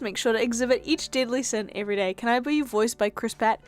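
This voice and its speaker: A woman's voice: a little high, fast, few pauses, soft background music. A woman streamer chatting casually while she draws, rambling with self-mocking asides. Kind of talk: casual chat while drawing.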